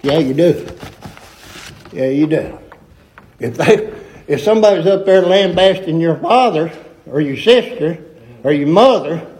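A man's voice: on the high side, lively intonation, a little slow, long pauses, darkish tone, rough recording. A middle-aged man preaching a sermon in a folksy, emphatic way with rustic grammar.

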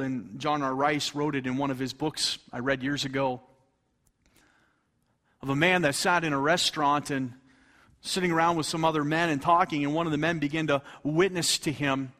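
Fervent high-voiced male preacher. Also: brisk. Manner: fervent, rises to loud exclamations and drops to hushed tones; reads scripture in King James English. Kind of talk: sermon.

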